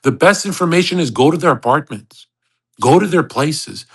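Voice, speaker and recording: A man's voice: a little high, expressive, normal speed, husky. A brash, swaggering man ranting in a profane, mocking monologue as host of an online voice chat.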